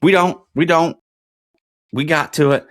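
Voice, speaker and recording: A man's voice: on the high side, a little slow, a bit bright, no room sound. A man hosting a casual solo podcast, muttering guesses through a quiz and then rambling through a TV recap with lots of fillers. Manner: thinks aloud while playing a geography quiz, muttering guesses. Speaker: podcast host.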